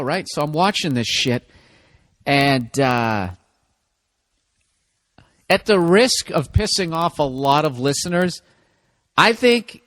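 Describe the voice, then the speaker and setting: A man's voice: fairly high pitch, fairly bright tone, no echo, clean studio sound. A man hosting a solo comedy podcast, ranting in a profane, sarcastic, rambling way.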